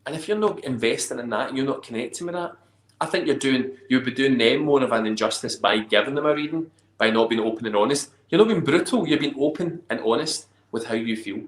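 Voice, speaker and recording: A man's voice: mid-range voice, a little fast. Reflective man in an echoey room. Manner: reflective, gives advice. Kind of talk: casual chat.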